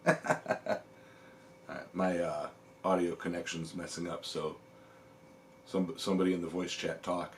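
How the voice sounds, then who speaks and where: Easygoing male stream host with a very low voice and a quick chuckle, casual chat. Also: a little hiss or hum. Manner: chuckles often while reading chat; relaxed, rambling, lots of ums. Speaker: livestream host.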